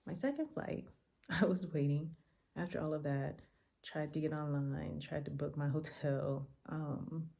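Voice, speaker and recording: Woman travel vlogger, low raspy-fried voice, tired late-night chat from a hotel room. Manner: chatty, animated retelling with quoted exchanges. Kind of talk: casual travel vlog storytelling.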